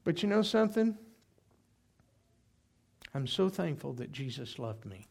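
A middle-aged man preaching a sermon, telling folksy personal stories with lots of "okay?" asides and swings between loud and hushed. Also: medium pitch, measured pace, vocal fry, husky. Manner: folksy, animated storytelling with frequent "okay?" asides.

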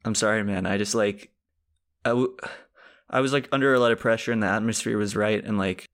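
A young man co-hosts a comedy podcast in a lowish, steady, fairly bright voice at a brisk clip. Sarcastic and teasing in casual banter, he slips into absurd, mock-apologetic bits.

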